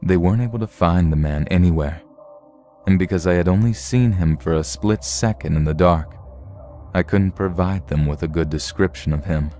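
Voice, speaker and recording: A man with a very low, dark voice narrates scripted horror stories, reading them aloud in a steady, measured way. Soft background music plays faintly beneath his narration.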